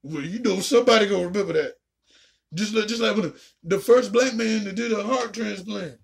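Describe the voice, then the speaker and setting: A woman ranting casually and profanely while reacting to a show, with a raspy, gravelly voice. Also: medium pitch, fairly quick. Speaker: video reactor.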